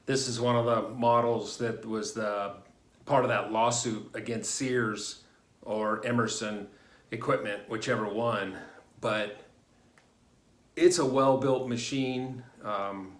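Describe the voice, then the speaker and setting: A man's voice: medium pitch, steady tone, measured pace. Middle-aged man, casual DIY vlog, rambling, self-correcting, home garage.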